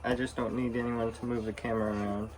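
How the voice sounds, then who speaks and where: A man's voice: medium pitch, quick pace. A man hosting his own cooking vlog from a home kitchen, casual and matter-of-fact with dry little jokes. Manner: relaxed, matter-of-fact, dryly joking. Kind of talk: casual chat while cooking. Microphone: fixed camera on the counter. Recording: noisy kitchen recording.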